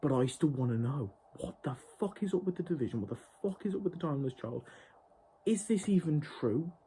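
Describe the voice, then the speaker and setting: A man with a warm voice on the high side talks briskly with lively intonation over slight background noise. In a ranting review vlog, he reviews a TV show with exasperation and heavy profanity.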